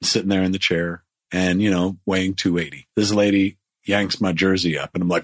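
A man with a fairly low, husky voice tells a long, rambling story, swearing freely and slipping into the voices of the people he quotes. The sound is dry and close to the mic. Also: steady tone, a little fast, hardly any pauses, a bit bright, no room sound. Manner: profane, rambling, acts out quotes. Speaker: guest telling a story. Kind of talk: casual storytelling.

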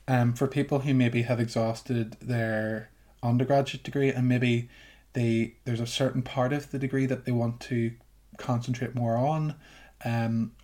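A man's voice: mid-range voice, flat delivery, a little slow, darkish tone. Hesitant young man. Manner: hesitant, many ums and restarts. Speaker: podcast co-host. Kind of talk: casual podcast chat.

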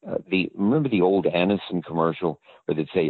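Gravelly deep-voiced older man on a phone line. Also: fast talker, no room sound. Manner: rambling storyteller. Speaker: actor guest. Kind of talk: anecdotal interview talk. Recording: tinny phone-line audio.

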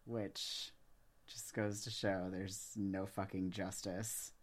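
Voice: sits low, flat delivery, slow pace. A podcast co-host in casual chat, ranting indignantly and swearing.

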